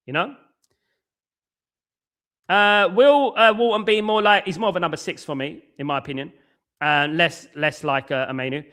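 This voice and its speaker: This football channel host runs a live-stream talk show, greeting chat viewers by name and talking in a conversational, repetitive manner. He speaks at normal speed with frequent pauses, in a slightly high voice with a fairly bright tone.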